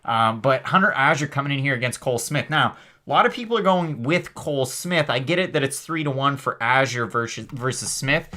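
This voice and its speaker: A man hosting a live MMA stream, talking fast and chatty with lots of fillers while reading out the chat. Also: medium pitch. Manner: energetic, rapid, chatty with many fillers. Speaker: host of a live MMA show.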